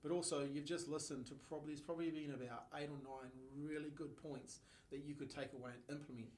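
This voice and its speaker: A man hosting a business podcast, enthusiastic and quick to agree, often trailing off mid-sentence. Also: on the high side, fairly even intonation, darkish tone, slight background noise. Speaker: podcast host. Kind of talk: casual podcast conversation.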